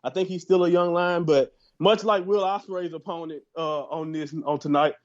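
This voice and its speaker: A fairly high-voiced American man chats loosely on a podcast and keeps restarting his sentences while his thoughts catch up. The audio is dull and lo-fi. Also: normal speed. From United States. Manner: animated, rambling with many restarts. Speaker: podcast co-host. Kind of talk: casual chat.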